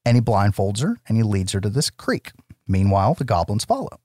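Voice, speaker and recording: Man, American, podcast co-host, casual film recap, very lively pitch, laughs a lot, dry close sound. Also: fairly quick, no room sound. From United States. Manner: animated, laughs often, swears casually.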